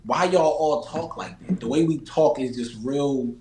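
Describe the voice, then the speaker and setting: Philly-accented male guest, mid-pitched, animated slangy chat, roomy echo on the track. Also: unhurried, background noise. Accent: Philadelphia. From Philadelphia, USA. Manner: animated, slangy, repeats phrases for emphasis. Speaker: interview guest. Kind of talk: casual chat.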